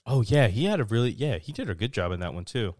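A man's voice: mid-range voice, sing-song, fast talker, darkish tone, no room sound, studio quality. A young man co-hosting a podcast in easygoing casual chat, full of "you know" and "like". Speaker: podcast co-host.

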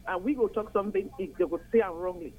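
An older woman from Nigeria with a Nigerian accent, calling in to a radio chat and explaining at length, earnest and steady. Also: medium pitch, fast talker. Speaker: caller.

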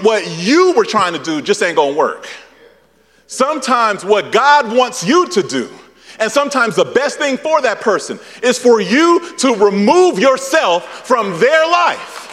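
A young man preaching a sermon as pastor, with shouted peaks and a lot of repetition. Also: high-pitched, long reverb tail.

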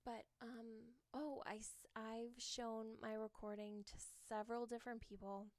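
A woman's voice: on the high side, level tone, measured pace, darkish tone, dry recording. A young woman hosting a podcast, chatting casually in a rambling way with frequent giggles, fillers and restarts. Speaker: podcast host. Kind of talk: casual chat.

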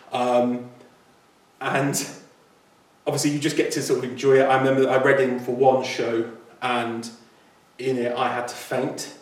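A man co-hosting a casual chat about theatre auditions, self-deprecating and quick to laugh. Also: mid-range voice. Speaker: podcast co-host, theatre performer. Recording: echoey room, far from mic.

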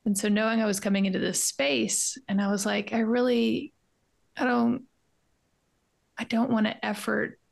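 Candid woman with a gravelly edge. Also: mid-range voice. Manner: candid, self-searching, tender, trails into soft asides. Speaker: podcast co-host. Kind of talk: casual reflective conversation. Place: home art studio.

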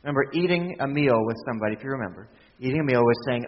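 A man's voice: mid-range voice, lively intonation, very fast. A man preaching a conversational sermon as pastor, with frequent restarts and asides. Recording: distant hall sound, dull lo-fi.

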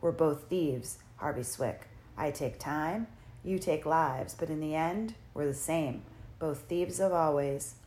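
A woman voicing a sinister ancient male spirit who steals time, speaking slowly with a rasping, coaxing menace in an audiobook. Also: low-pitched, a little mellow, a little hiss or hum. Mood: knowing. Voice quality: rasping, creaking. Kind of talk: audiobook character voice.

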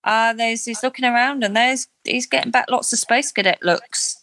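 A woman's voice: fairly high pitch, steady tone, moderate pace, bright, forceful tone, no echo. Chatty woman recapping a reality show. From not Australia. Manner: chatty, opinionated, self-deprecating. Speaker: podcast co-host.

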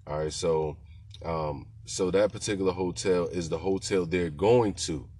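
A man's voice: low-pitched, a little slow, dark tone. A man telling stories in a loose, slangy, conversational way, often checking in with the listener. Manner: laid-back slangy talk, keeps asking "you know what I'm saying". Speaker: podcast host telling rideshare stories. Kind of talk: casual storytelling.

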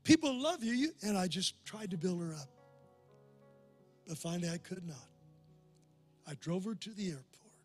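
An older man preaching a sermon in a large church, telling a personal story and building to loud, impassioned climaxes. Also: high voice, moderate pace, long pauses, faint music behind. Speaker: pastor. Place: large church before a crowd.

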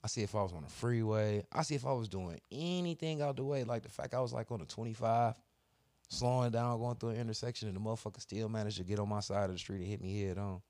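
A man's voice: fairly low pitch, fast talker, a little mellow, no room sound. A man co-hosting a podcast in casual chat, telling a story with heavy cursing and slang. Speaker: podcast co-host.

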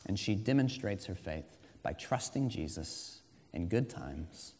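A man preaching a sermon as pastor, moving between quiet, slow emphasis and loud, rising exhortation. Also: deep voice, animated. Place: church sanctuary. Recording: long reverb of a church hall.

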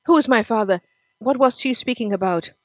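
Upset teen boy yelling and begging, woman doing his voice, high and loud, dry. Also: brisk, no echo, lightly acted. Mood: desperate. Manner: shouting, pleading. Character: angry, desperate teenage boy.

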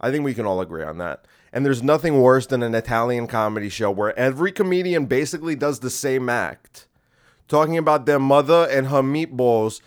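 A man's voice: mid-range voice, lively intonation, normal speed, clear, resonant tone. Comedic male podcaster, rambling solo rant, direct to listener. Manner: rambling, combative, talking to the listener. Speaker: podcast host. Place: home room in a creaky chair.

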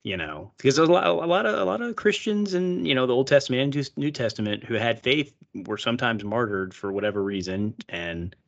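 A man co-hosting a casual Bible-study podcast, reading scripture aloud with drawn-out pauses and joking between passages. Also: mid-range voice, animated, gravelly. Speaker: podcast co-host. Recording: dull lo-fi podcast sound.

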